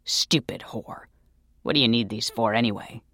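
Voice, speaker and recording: A man's voice: mid-range voice, moderate pace, pushed and bright, no room sound, studio quality, close to an everyday voice. A man voicing a furtive, lecherous older man who hisses in a half-whisper, in a whispered role-play. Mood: angry.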